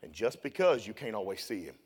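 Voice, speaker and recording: A young man preaching a sermon, telling a story and then building to loud, shouted preaching. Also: fairly low pitch, big pitch swings, fairly quick.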